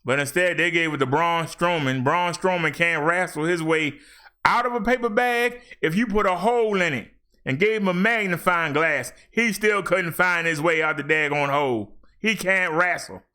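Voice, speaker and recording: A middle-aged man hosting a wrestling review show, ranting in a blunt, animated, trash-talking way. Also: sits high, moderate pace, smooth.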